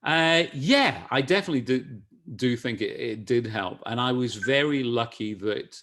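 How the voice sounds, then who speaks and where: A middle-aged man with a Scottish accent talks in a relaxed, chatty way. He restarts his sentences often and laughs easily, and his pitch sits in the middle for a man. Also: moderate pace. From Scotland. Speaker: guest. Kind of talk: casual video-call interview.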